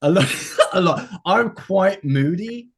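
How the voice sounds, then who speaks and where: Wrestler guest, slightly high voice, chatty and laughing, casual podcast talk. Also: male voice, slow, husky. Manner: laughing, animated storyteller. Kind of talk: casual chat.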